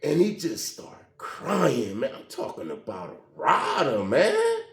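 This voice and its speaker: A man telling a personal story in a casual, animated way, often acting out the dialogue. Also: medium pitch, measured pace, creaky. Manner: animated, conversational, acts out quoted dialogue. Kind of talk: emotional storytelling monologue. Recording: roomy echo.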